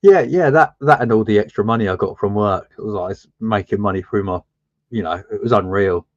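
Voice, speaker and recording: British bloke on a voice call, dry wry humour, muffled lo-fi mic, no room sound. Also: male voice, lowish voice, a little fast, no room sound. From Britain. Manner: wry, relaxed, stammers on starts. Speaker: panel guest. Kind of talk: casual banter. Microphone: online voice chat. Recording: slightly dull lo-fi voice-chat mic.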